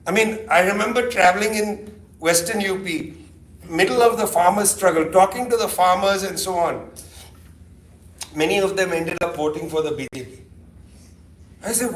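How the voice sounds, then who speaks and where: In a lecture hall, a middle-aged keynote speaker gives a loose, conversational talk, animated and sardonic and packed with asides. His voice is high-pitched, and the distant mic picks up an echoey hall and slight background noise.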